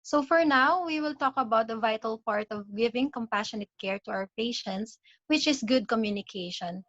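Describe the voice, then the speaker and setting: A woman doctor giving a medical lecture in a measured, instructive way. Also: a little high, a bit bright, no room sound. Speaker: palliative care consultant lecturing. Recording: dull, dry lo-fi audio.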